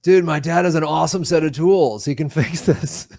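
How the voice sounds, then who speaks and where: Dude hosting a chatty podcast, bit higher voice, dry close mic, laughs a lot. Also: male voice, normal speed, creaky, dark tone, no room sound. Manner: enthusiastic storyteller, laughs often. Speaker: host. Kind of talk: casual comedy podcast chat.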